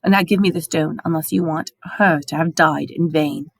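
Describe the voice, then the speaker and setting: Woman doing a snarly cruel dark wizard guy, hissy and mean, dry audiobook sound. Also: sits low, steady tone, normal speed, vocal fry, dry recording. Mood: menacing. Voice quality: snarling, menacing. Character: cold cruel hissing male dark wizard.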